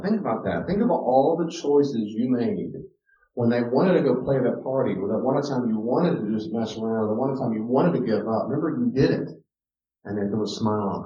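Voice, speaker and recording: A man's voice: mid-range voice, expressive, moderate pace, warm tone. A man giving a teaching talk on parenting, emphatic and direct, repeating key words to his listeners. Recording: roomy, distant, dull lo-fi sound.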